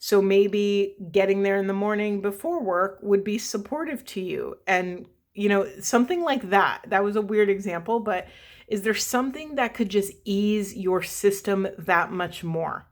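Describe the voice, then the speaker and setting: A woman delivers a spiritual tarot reading in an earnest, rambling monologue, pausing to correct herself and apologize. Her voice is wearing thin and strained, and it sits at a middling pitch. She slows down to repeat her key phrases with emphasis. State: losing her voice. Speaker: tarot reader.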